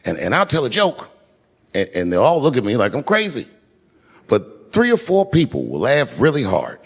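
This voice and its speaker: Gravelly stand-up comedian in an echoey venue. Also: male voice, medium pitch, moderate pace. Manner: animated, jumps from hushed asides to shouted punchlines. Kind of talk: stand-up storytelling. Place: live show on stage before a large audience. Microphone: handheld stage microphone.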